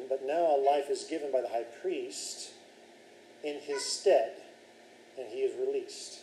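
A man's voice: mid-range voice, a little slow, dark tone, reverberant, a little hiss or hum, rough recording. A man leading a Bible study class, reading scripture aloud and then explaining it and questioning his students.

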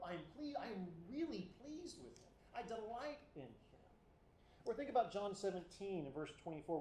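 Expressive male preacher in an echoey room. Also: on the high side, slight background noise. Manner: expository preaching, swings from soft asides to emphatic lines. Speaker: pastor. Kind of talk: sermon.

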